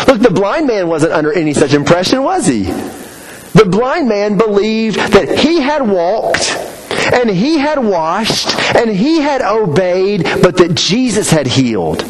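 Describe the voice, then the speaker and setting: A man's voice: a little high, slight background noise, poor audio. A man in his thirties preaching a sermon, emphatic, asking rhetorical questions and answering them himself. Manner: emphatic, rhetorical questions, lively rises and drops.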